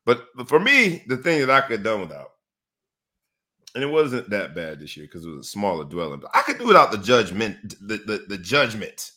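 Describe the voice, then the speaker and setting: A man hosting a casual sports talk show, emphatic and animated, repeating phrases for effect. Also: lowish voice, brisk.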